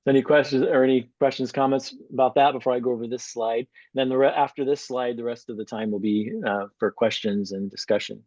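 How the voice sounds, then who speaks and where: A man giving a live lecture and taking questions, relaxed, with frequent fillers. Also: medium pitch, fast, hardly any pauses, no echo, dull audio. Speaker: physician assistant lecturer.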